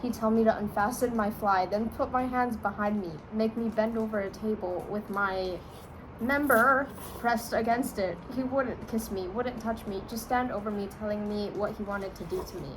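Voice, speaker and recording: A woman reading aloud the lines of a young male wizard who confides a dark secret, in a plain read-aloud voice. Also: mid-range voice, moderate pace, natural voice. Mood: hushed. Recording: steady background noise.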